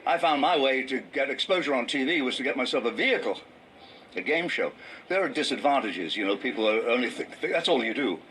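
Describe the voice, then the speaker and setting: An older English comedian and game show host, telling wry anecdotes and dropping into low mock voices for punchlines. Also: male voice, expressive, fairly quick, fairly bright tone, slight background noise, rough recording. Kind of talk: anecdotal stand-up and reminiscence.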